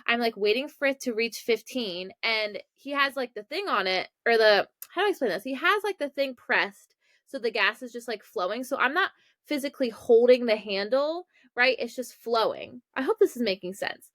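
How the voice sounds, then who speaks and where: In this casual storytelling clip, a young woman from Maryland, USA, hosts her podcast, chatting and poking fun at herself with frequent asides. Her fairly high voice is animated and a bit bright at a moderate pace, recorded dry at studio quality.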